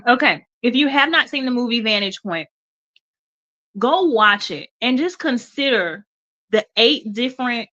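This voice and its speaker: Her fairly high voice is pushed and bright, heard through lo-fi sound with a slightly stuffy quality. On her radio show, this woman delivers an encouraging motivational talk, addressing listeners as y'all and saying okay again and again.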